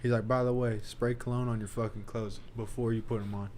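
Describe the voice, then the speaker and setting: A man's voice: mid-range voice, level tone, brisk, a crowd in the background. A young man hosting a podcast, telling loose, profane stories in casual chat and laughing often. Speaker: podcast host.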